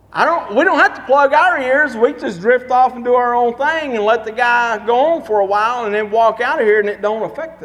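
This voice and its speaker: A man's voice: extremely high pitch, fairly bright tone. A pastor preaching a sermon in a church, emphatic and repetitive as he tells stories and drives his points home. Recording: long hall reverb.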